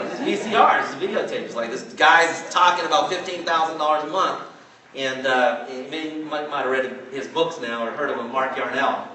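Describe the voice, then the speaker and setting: A man from California in his forties, telling a story to a live audience at a training event in a chatty, animated way and asking "right?" again and again. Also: on the high side. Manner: chatty, animated, asks "right?" often, laughs as he talks. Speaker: network marketing trainer. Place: large hall with an audience. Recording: very echoey hall, mic far off.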